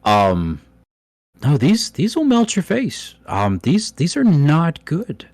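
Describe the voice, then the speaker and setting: A jittery little dwarf woman stutters through every sentence, as a man plays her in a tabletop game. Her voice sits high and jumps around a lot. The sound is dry and close. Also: wildly swooping pitch, takes it slowly, darkish tone, no room sound, exaggerated voice. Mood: nervous, stammering. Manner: stammering, hesitant. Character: nervous female dwarf commoner.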